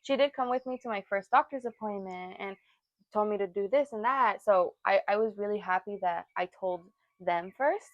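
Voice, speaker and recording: A woman's voice: medium pitch, normal speed, no echo, lo-fi sound. A young woman co-hosting a podcast, telling stories in casual chat and acting out what everyone said. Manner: animated storytelling, acts out quotes. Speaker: podcast co-host.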